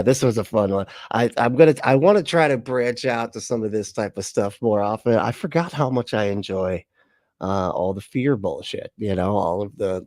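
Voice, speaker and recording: Gravelly sarcastic man hosting a livestream. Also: fairly low pitch, a little mellow, no echo, studio quality. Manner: sarcastic, laughs often, greets chat viewers. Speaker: livestream host reacting to a video. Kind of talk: casual reaction livestream chat.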